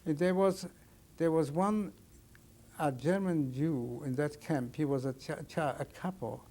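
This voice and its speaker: A man in his sixties giving oral history testimony as a survivor, telling his story plainly and haltingly, often restarting his sentences. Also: a little high, warm tone. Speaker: Holocaust survivor interviewee.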